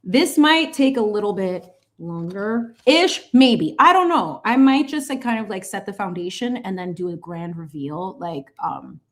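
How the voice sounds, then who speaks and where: A woman's voice: mid-range voice, unhurried. A woman in her late thirties hosting a live painting stream, chatting casually and animatedly with viewers as she paints. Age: 30s. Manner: chatty, animated, greets chat viewers with squeals. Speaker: painting livestream host.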